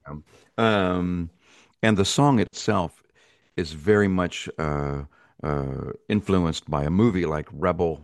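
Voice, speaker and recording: A man being interviewed as a musician, speaking haltingly with many fillers, in his morning voice just after waking. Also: deep voice, clear, resonant tone, dry recording. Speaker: musician guest. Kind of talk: casual interview chat.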